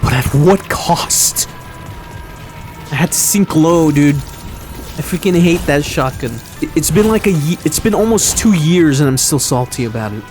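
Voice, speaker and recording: A man's voice: a little high, lively intonation, normal speed, darkish tone, faint music behind. A man giving rambling, self-mocking commentary while replaying an old video game match. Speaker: gaming commentator. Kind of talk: casual gameplay commentary.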